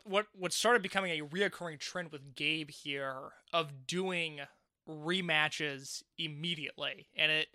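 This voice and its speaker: A man's voice: sits high, pushed and bright, no room sound, studio quality. A man co-hosting a podcast, giving laid-back, wry commentary in a casual chat. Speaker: podcast co-host. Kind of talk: casual chat reviewing a wrestling show.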